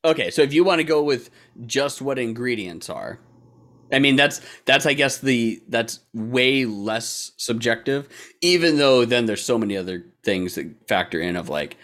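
Man, mid pitch, lively swooping voice, playful, podcast co-host. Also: normal speed. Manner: playful, steers the talk. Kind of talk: casual comedic banter.

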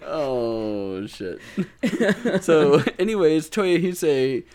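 A tired man recapping a show with a friend in casual chat, laughing often, swearing freely and acting out characters in squeaky voices. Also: sing-song, drawn-out words, crowd noise. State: tired, drinking. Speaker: podcast co-host.

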